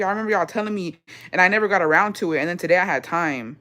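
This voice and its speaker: A woman's voice: fairly low pitch, animated, quick pace, fairly bright tone. A young adult woman vlogger chatting casually with her viewers in an emotional, rambling way, full of swearing.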